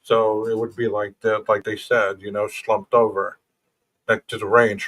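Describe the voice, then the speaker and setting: A man's voice: fairly low pitch, level tone, measured pace, fairly bright tone. A man hosting a true crime podcast, reading official reports aloud in a plain voice and breaking off to talk casually to his listeners. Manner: casual, reads documents then comments to listeners. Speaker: podcast host.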